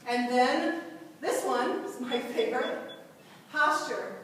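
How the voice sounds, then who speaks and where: A woman's voice: high-pitched, slow, recorded from a distance, a little hiss or hum. Woman lecturing in an echoey hall. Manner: lively, asks the class questions. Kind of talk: classroom lecture.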